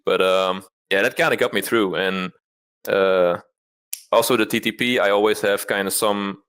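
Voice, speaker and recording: A man's voice: on the low side, fairly even intonation, normal speed, a bit bright, smooth. A man interviewed about his trading past, talking candidly and self-deprecatingly, rambling with frequent restarts. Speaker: interview guest, trader.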